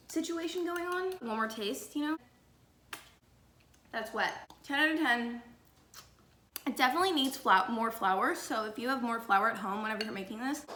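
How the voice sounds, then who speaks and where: A woman's voice: on the high side, bright, forceful tone, slight background noise. A woman vlogging in her home kitchen as she bakes, rambling chattily with jokey asides. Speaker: cooking vlogger. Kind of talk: casual cooking vlog. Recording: echoey kitchen recording.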